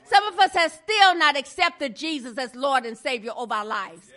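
A woman's voice: sits high, moderate pace, hardly any pauses, a bit bright. A woman preaching a sermon with impassioned, repetitive emphasis that builds and rises.

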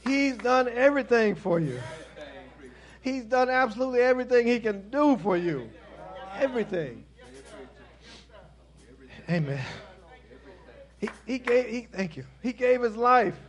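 A man preaching a sermon in an emphatic, repetitive call-and-response style, building in intensity and then softening. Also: very high voice, expressive, measured pace, pauses often.

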